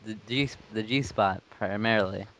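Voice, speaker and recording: A man's voice: fairly low pitch, normal speed, a bit bright. A man co-hosting a podcast, dry and dismissive of the others' jokes. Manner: dry, dismissive, laughing often. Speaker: podcast co-host. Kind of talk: casual chat.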